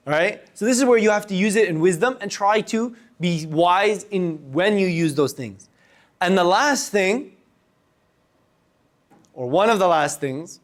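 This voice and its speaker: A young man teaching a workshop on public speaking to a live group, animated and shifting his loudness and pace to demonstrate. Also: sits high, normal speed. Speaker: workshop instructor. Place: room with a live audience.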